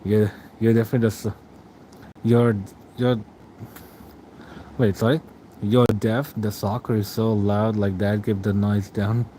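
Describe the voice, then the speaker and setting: A man's voice: lowish voice, flat delivery, measured pace, long pauses, dark tone, a little hiss or hum, low-quality recording. A young man streaming late at night, reading out chat and answering in a rambling, casual way with frequent chuckles.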